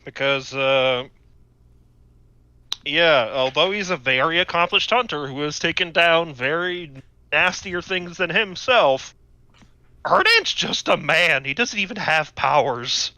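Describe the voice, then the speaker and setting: A man's voice: fairly high pitch, expressive, slow pace, sharp tone, dry recording, muffled recording. A man playing a tabletop game with friends, dropping wry remarks. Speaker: player. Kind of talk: casual tabletop game chat.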